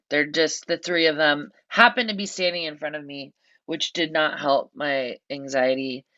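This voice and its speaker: A woman's voice: low voice, a bit bright, no echo, lo-fi sound. A woman guest on a podcast telling a story in casual chat, rambling and self-deprecating with lots of "like" fillers. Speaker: guest musician.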